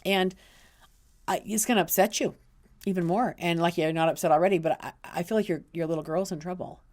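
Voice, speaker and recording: A middle-aged woman with a somewhat low voice tells a personal story as an intuitive counselor. She speaks earnestly and casually, often stumbling, restarting and repeating her words. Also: steady tone, a little fast, darkish tone.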